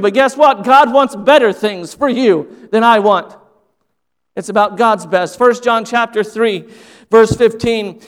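Guy preaching in church, really high smooth voice, big echoey hall. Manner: earnest preaching with repeated phrases. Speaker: pastor. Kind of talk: sermon. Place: church sanctuary. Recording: long hall reverb.

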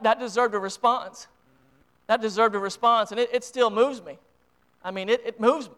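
A high-pitched American man delivers a sermon from the pulpit with a smooth, resonant tone. He preaches with deep emotion and rising conviction, often repeating and restarting his words. His passion carries from quiet reflection to fervent appeals. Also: steady tone, moderate pace. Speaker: pastor.

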